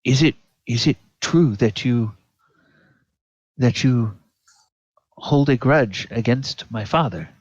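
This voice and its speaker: A man's voice: medium pitch, slow, long pauses, darkish tone, slightly rough, no echo, lo-fi sound, voice pushed up. A man voicing a demure, proper young princess who speaks hesitantly and earnestly. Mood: troubled.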